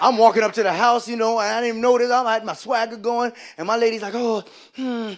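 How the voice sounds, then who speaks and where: A man doing live stand-up comedy, telling animated stories and slipping into loud character voices. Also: very high-pitched, rapid-fire.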